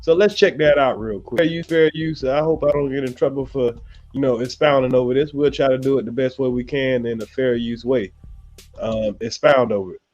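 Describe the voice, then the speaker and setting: A man's voice: medium pitch, fairly even intonation, fairly quick, a little mellow, dull audio, faint music behind. A man hosting a livestream, giving casual, rambling commentary packed with fillers. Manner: loose, rambling, heavy on fillers like you know what I'm saying. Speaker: livestream host.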